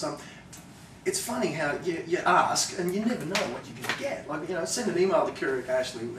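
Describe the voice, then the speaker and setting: A man hosting an interview, answering with quick agreement and short stories of his own. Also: a little high, a bit bright. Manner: encouraging backchannels and short replies. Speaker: interview host. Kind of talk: casual interview. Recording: roomy, distant mic with faint noise.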